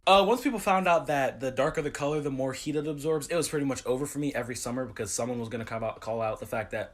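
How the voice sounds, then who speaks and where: A man recounting things said to him, in a flat, deadpan way. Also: mid-range voice, fast, hardly any pauses. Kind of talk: casual storytime to camera.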